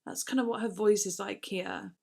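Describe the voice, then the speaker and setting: A woman's voice: mid-range voice, steady tone, normal speed, gravelly, a little mellow. A woman making a casual music reaction video, gushing, swearing now and then and reading lyrics aloud.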